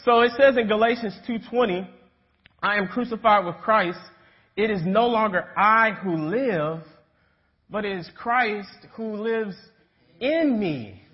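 Speaking a little slowly in a high-pitched voice, the young man tells stories through his relaxed sermon and keeps checking in with "right?" The church's long reverb and a dull tone color the recording.

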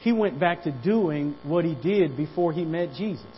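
High-voiced preaching pastor, dull recording. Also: male voice, animated, normal speed, slight background noise. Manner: repeats words, calls for amen. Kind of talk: sermon.

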